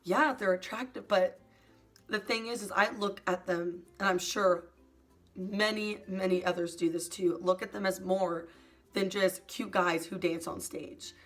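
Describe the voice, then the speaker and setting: A young woman YouTuber talking in a soft, hesitant confessional vlog, full of "like" fillers and sometimes close to tears. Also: medium pitch, steady tone, a little slow, soft background music. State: emotional, near tears at times.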